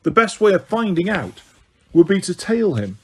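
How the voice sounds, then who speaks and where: Husky, animated male audiobook narrator. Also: sits high, normal speed.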